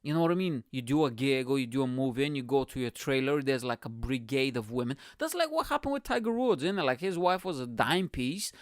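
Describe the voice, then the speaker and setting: A young man hosting a comedy podcast, telling a story in an energetic, profane, rambling way. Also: medium pitch, a little fast, few pauses, dry recording, studio quality. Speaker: podcast host. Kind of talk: casual comedic podcast monologue.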